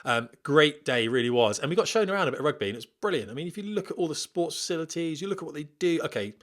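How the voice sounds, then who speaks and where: A man's voice: a little high, expressive, racing, a bit bright. A middle-aged man, hosting a podcast from home, chatting casually and reading a listener's email with rambling digressions. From Britain. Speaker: podcast host, former military pilot.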